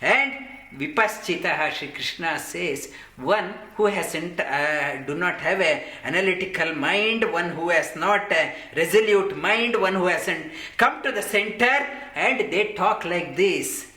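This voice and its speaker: Man, scripture teacher, earnest repetitive explaining, bright tone, roomy echo. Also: high voice, expressive, measured pace.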